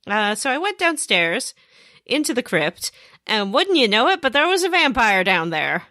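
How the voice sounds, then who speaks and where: A woman co-hosting a podcast recaps her game in a casual chat, telling it as an animated story and acting out the characters. She has a mid-range voice and a moderate pace. The sound is clean studio quality with no echo.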